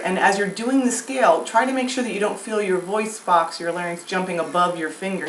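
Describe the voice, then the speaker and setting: A woman vocal coach giving a singing lesson, explaining breath and throat exercises in a relaxed, chatty way and demonstrating sung scales. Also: fairly low pitch, recorded from a distance. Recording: echoey room with faint noise.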